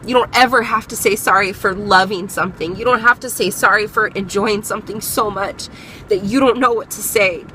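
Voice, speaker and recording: A woman's voice: mid-range voice, brisk, sharp tone, a little hiss or hum, rough recording. A young woman vlogger giving a candid, earnest motivational talk, encouraging her viewers and swearing freely.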